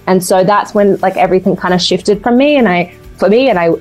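A woman's voice: mid-range voice, a little fast, hardly any pauses, soft background music. Earnest woman recounting her story. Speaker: guest, actress. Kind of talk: casual interview talk.

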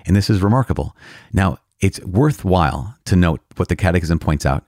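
A man's voice: deep voice, lively intonation, moderate pace, darkish tone, no echo, clean studio sound. A male priest explaining a catechism passage in an earnest, conversational way, stressing key words and often repeating himself. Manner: earnest, emphatic, repeats himself, occasional laughs. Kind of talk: conversational teaching on a catechism reading.

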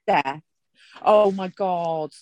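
A woman co-hosting a podcast in casual chat, expressive and full of joking complaints, swearing freely. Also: lowish voice, very slow, no echo, muffled recording. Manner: expressive, swears freely, jokey exaggerated fear. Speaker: podcast co-host.

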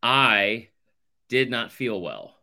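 A man's voice: mid-range voice, expressive, extremely slow, vocal fry, pushed and bright. A male podcast co-host telling a rambling, sarcastic story in casual chat, saying "like" constantly. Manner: rambling, sarcastic, heavy use of "like".

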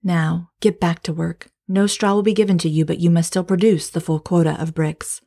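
A haughty king who dismisses every plea and scolds his workers as lazy, voiced by a woman reading aloud. The voice sits low and mellow, with a dark, soft tone. It is read plainly rather than acted. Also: fairly even intonation, moderate pace, vocal fry. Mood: scornful. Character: haughty scornful male Egyptian king.

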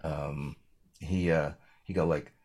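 A man's voice: rumbling low, steady tone, takes it slowly, a little mellow. A man, a guest singer-songwriter, chatting casually and rambling with lots of fillers. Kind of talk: casual chat.

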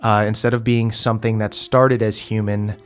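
A man narrating a tabletop game as game master, halting with frequent ums. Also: lowish voice, little pitch movement, clear, resonant tone, faint music behind. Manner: halting, full of ums and uhs.

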